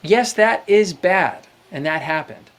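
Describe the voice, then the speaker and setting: A man's voice: high voice, expressive, slow pace, a bit bright. A man hosting a live call-in show, talking reflectively about faith and therapy and quoting scripture. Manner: reflective, preachy, quotes scripture. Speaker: host.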